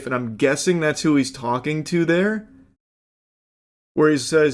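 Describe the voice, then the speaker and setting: A man's voice: fairly high pitch, unhurried. A young man streaming, casually commenting on a clip, rambling with fillers and casual swearing.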